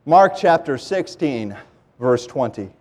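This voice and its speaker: A man preaching a sermon with passion, his voice climbing into loud pleading and dropping to hushed lows. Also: sing-song, slow. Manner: impassioned, swings from loud pleading to low hushed.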